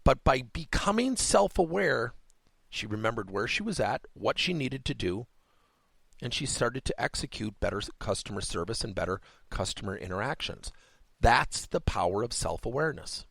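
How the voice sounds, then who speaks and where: A man's voice: medium pitch, expressive, normal speed, creaky, a bit bright, no room sound. A man hosting a workplace coaching podcast, telling a story with rhetorical questions.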